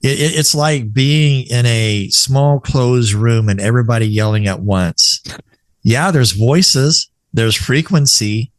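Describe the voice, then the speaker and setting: A man from Texas hosting a conversational podcast, talking in a measured, reflective way with easygoing fillers. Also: medium pitch, dry recording. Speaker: podcast host and coach.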